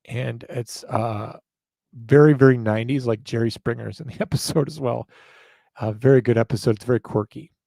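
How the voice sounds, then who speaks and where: Male podcast host, gravelly, self-deprecating rambler, dry close recording. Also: mid-range voice, fairly even intonation, moderate pace, mellow, dry recording. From northern United States. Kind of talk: casual chat.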